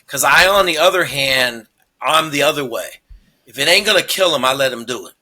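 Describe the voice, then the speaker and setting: A man's voice: mid-range voice, animated, a little fast, sharp tone. A middle-aged man telling stories in casual chat, emphatic and heavy on swearing. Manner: profane, emphatic storyteller.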